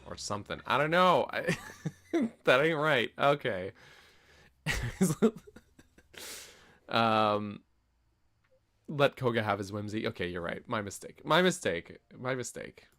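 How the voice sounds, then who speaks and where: A man's voice: medium pitch, lively intonation, slow, pauses often, bright, forceful tone. A man casually chatting while playing a video game on stream, joking about how words are said and laughing at himself often. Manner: playful, self-mocking, laughs often. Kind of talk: casual gameplay commentary.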